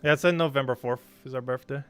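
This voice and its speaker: A young man streams a game and talks straight to his chat, explaining tactics in a loose, meandering way full of fillers. His voice is bright and forward, and he rattles along at a brisk clip. Soft music plays underneath. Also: mid-range voice, fairly even intonation. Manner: rambling, explains game strategy with many fillers. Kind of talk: casual live-stream commentary.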